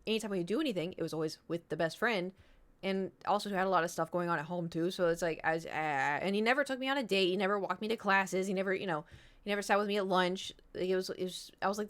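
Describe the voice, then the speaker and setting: A woman in her thirties with a light drawl tells a long personal story on her stream. Her talk rambles, full of fillers and restarts, and she slips into quick voices for the people in her story. Her pitch sits in the middle range for a woman. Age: 30s. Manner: rambling, filler-heavy, lively quoted voices. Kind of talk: casual storytelling chat.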